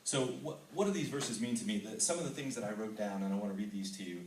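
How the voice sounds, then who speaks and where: A man's voice: lowish voice, fast, a little mellow, slight background noise. A middle-aged man from Texas giving an earnest testimony to a men's ministry group, reading scripture and telling his own story with frequent ums. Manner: earnest, reads scripture then tells personal story with filler ums. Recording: roomy hall, voice from far off mic.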